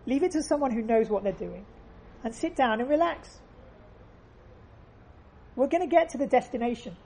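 A woman's voice: a little high, animated, moderate pace, mellow, slight background noise. A woman giving an earnest faith lesson, telling stories and repeating phrases for emphasis. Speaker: religious teacher.

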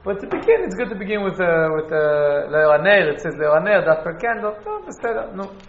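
A man teaching an informal class on Jewish law, halting and restarting as he explains. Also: high voice, sing-song. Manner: halting, restarts, Hebrew and Yiddish terms. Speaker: Torah teacher. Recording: echoey, dull room recording.

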